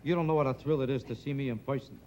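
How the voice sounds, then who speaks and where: A man doing stand-up with a heavy New York Yiddish-inflected accent and a deadpan, complaining delivery. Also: mid-range voice, rapid-fire. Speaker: stand-up comedian. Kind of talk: stand-up comedy set. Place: television studio stage. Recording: loud audience laughter, noisy stage.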